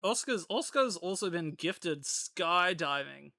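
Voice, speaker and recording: A man's voice: high voice, animated, slow pace, gravelly, sharp tone, no echo, studio quality. A young man co-hosting a casual film-review podcast, incredulous and laughing often at the movie. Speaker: podcast co-host.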